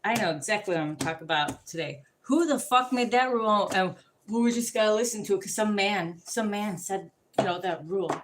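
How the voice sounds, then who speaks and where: A woman ranting casually to the camera, profane and rambling, telling animated stories. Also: mid-range voice, brisk, background noise.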